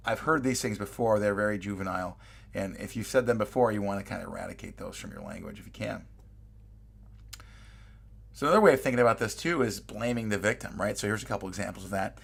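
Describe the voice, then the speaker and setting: A man delivers a recorded college lecture in a relaxed, conversational manner. His voice sits a little low and has a gravelly fry to it. He reads quoted examples aloud and keeps checking in with his listeners. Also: a little fast.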